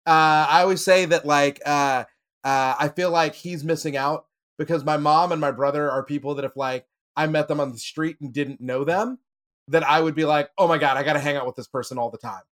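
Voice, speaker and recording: A man's voice: a little high, fairly even intonation, brisk, a bit bright. A man on a podcast panel, telling a personal story in casual chat, with many fillers and laughs.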